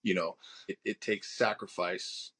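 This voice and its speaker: A man's voice: low-pitched, fairly even intonation, measured pace, fairly bright tone, slightly rough. A man in his forties with a Long Island accent, a pastor telling his life story in a podcast interview, earnest and full of restarts. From Long Island, New York. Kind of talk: podcast interview, personal testimony.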